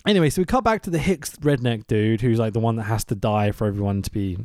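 A man hosting a casual podcast, recapping a film in an animated, sweary rant full of laughs. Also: fairly low pitch, quick pace, no room sound, clean studio sound. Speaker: podcast host.

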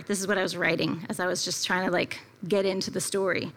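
A woman's voice: fairly low pitch, flat delivery, fast, fairly bright tone. A woman preaching a conversational sermon, telling a personal story in a reflective way with casual fillers. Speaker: preacher at a church gathering.

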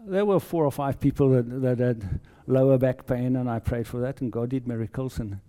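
Man, South African accent, very dark mellow voice, lay preacher, halting earnest testimony. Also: medium pitch. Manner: halting, earnest storytelling with many repeated words. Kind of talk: personal testimony in a sermon.

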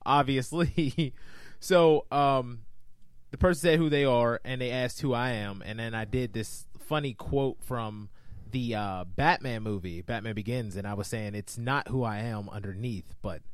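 A man's voice: mid-range voice, normal speed, clear, resonant tone, dry recording. A man in a casual podcast chat, swearing freely and stumbling as he tells a story.

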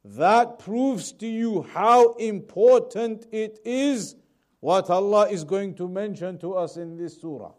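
A man teaching a lesson on Quran commentary, repeating key points and reading Arabic quickly before translating it slowly. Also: high-pitched. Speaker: Islamic teacher.

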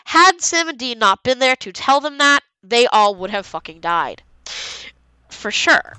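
Animated young woman, bright and lively. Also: a little high, unhurried, clear, resonant tone, no room sound, low-quality recording. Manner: animated, reads out favorite quotes, swears freely. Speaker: podcast co-host. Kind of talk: casual fan podcast chat.

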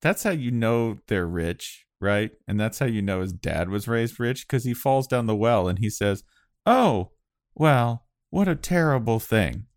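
A man co-hosting a comedy podcast, exasperated and prone to loud mock rants. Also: lowish voice, expressive, moderate pace, few pauses, dry recording, clean studio sound. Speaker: podcast co-host.

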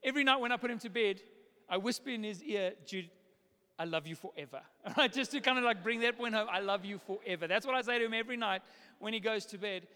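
A man with a high, light voice preaching to his church, talking like he's chatting with friends and keeping the stories lively. His words ring out through a big hall with a long echo trailing behind them. He sounds like a pastor in his thirties. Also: quick pace, clean tone. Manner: conversational, animated storytelling with laughs. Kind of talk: sermon. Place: church auditorium. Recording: long reverb of a large hall.

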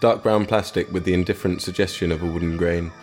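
Man, young adult, low voice, dry, understated story narration. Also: fairly even intonation, fast, a little mellow, faint music behind. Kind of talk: scripted narration.

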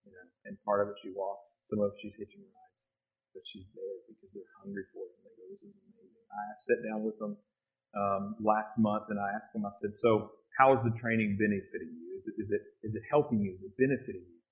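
A man's voice: fairly low pitch, fairly quick, rough recording. Earnest man telling mission stories. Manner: earnest, animated storytelling. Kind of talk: speaking to an interviewer.

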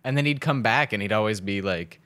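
A man's voice: on the low side, fairly quick, sharp tone. A man who is a comedian guest, chatting casually with dry, self-deprecating humor. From part Italian family. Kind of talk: casual chat.

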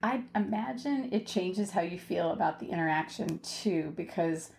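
Woman host with a creaky voice. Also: lowish voice, animated, normal speed. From United States. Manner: thoughtful and careful, laughs easily. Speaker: podcast host. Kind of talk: conversational interview.

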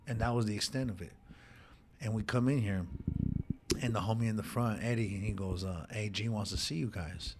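A man's voice: on the low side, a little fast, background noise. A man telling an emotional personal story in casual street slang, calling his listener dog and homie. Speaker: guest sharing his life story.

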